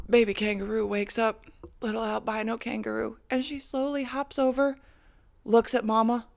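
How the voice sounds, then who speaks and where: A woman's voice: fairly high pitch, steady tone, normal speed, vocal fry. A woman hosting a podcast, telling a rambling, profane story as a casual monologue. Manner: rambling and profane, with frequent laughs. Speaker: podcast host.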